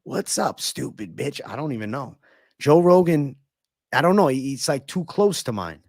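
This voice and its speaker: A man's voice: fairly high pitch, lively intonation, a little mellow, no room sound, studio quality. A young man with a Northeastern American accent hosting a casual livestream Q&A, swearing freely as he banters with chat. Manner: casual, profane, banters with chat between quick celebrity impressions. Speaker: livestream host.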